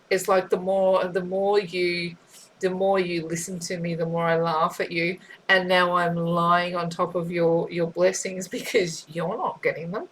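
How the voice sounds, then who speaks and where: A woman's voice: lowish voice, a bit bright, a little hiss or hum, poor audio. A woman giving a spiritual tarot reading, thinking aloud and often checking in with 'right?'. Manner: musing, repeats herself, asks 'right?'. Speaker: tarot reader.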